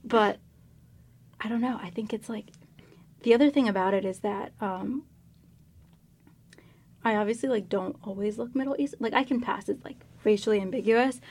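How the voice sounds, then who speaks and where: A woman's voice: mid-range voice, moderate pace, pauses often, a little mellow. A young woman in casual conversation, chatty and rambling, full of fillers. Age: young adult.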